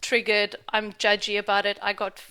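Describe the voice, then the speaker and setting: Bright, frank woman ranting on a vlog. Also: mid-range voice, monotone, normal speed, smooth. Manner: frank, swears freely; emphatic, repeats for stress. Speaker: spiritual vlogger. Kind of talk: candid vlog rant.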